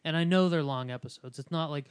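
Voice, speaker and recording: Brief: man, slightly high voice, halting casual podcast talk, dry sound. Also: smooth, no echo. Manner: hesitant, restarts a lot. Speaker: podcast co-host. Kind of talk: casual chat.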